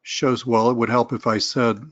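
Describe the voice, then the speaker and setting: A man's voice: mid-range voice, flat delivery, moderate pace, fairly bright tone, dry recording, dull audio. A middle-aged man with a Southern US accent, talking casually and rambling as a coach on a webinar. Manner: chatty, rambling, self-deprecating, occasional cursing. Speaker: online business coach.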